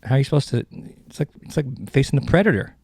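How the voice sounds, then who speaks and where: A man's voice: medium pitch, animated, quick pace, a little mellow, husky, no room sound, clean studio sound. A man hosting a comedy podcast, rambling through jokes and cutting himself off mid-sentence. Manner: rambling, self-interrupting, joking. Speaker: podcast host.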